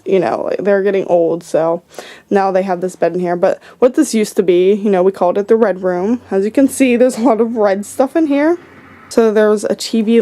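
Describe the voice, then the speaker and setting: A woman's voice: medium pitch, mellow. A young woman giving a casual house-tour vlog, chatty and filling her talk with "like". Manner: chatty, says "like" constantly. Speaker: paranormal vlogger. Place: indoors in a house.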